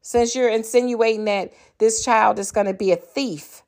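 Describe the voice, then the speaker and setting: This older woman, a mother and grandmother, fires off a furious, profane and blunt monologue on her podcast. Her voice sits on the high side with a darkish, steady tone, at a moderate pace.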